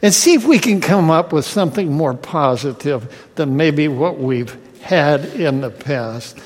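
A male pastor with a high voice delivers a sermon at a slow, deliberate pace. He keeps putting rhetorical questions to the congregation. A long reverb trails his words around the hall. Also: animated.

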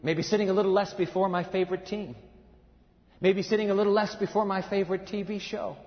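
A man preaching a sermon, emphatic, swinging between loud passages and hushed ones. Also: sits high, flat delivery, a little fast. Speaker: pastor. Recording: reverberant hall, dull sound.

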